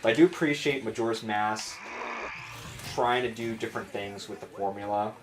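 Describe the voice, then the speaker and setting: A man's voice: on the low side, moderate pace, background noise. A man with a Chicago accent rambling casually as he comments on his gameplay. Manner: rambling, chatty, self-mocking. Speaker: gaming streamer.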